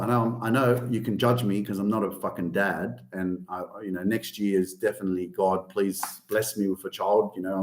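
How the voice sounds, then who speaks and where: Swearing, emphatic man in a roomy space. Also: fairly low pitch. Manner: emphatic and swearing, rising loud on key points. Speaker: podcast host. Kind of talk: casual motivational podcast talk. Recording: roomy echo.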